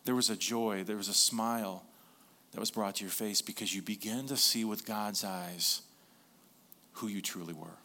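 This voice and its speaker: Male pastor with a bright, forward voice who preaches casually and animatedly, going hushed to make his key points. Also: on the low side, normal speed. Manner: conversational, animated storytelling, dropping soft for emphasis. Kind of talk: sermon.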